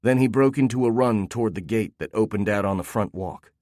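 A man narrating a first-person story in a steady, even storytelling manner. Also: lowish voice, a little fast, dry recording, studio quality.

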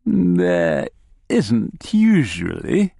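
Sly, secretive male gnome, slow and hushed, dry close read, acted by a man. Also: lowish voice, huge pitch swings, creaky, dry recording, full character voice. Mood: musing. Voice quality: slow, deliberate, hushed delivery. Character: sly, cryptic male gnome, a pub regular.

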